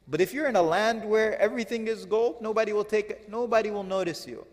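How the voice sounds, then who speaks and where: Male religious teacher, lively lecturing delivery with rhetorical questions, somewhat high pitch, long hall reverb. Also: fast talker. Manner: animated, rhetorical questions to the audience. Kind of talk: lecture explaining classical poetry.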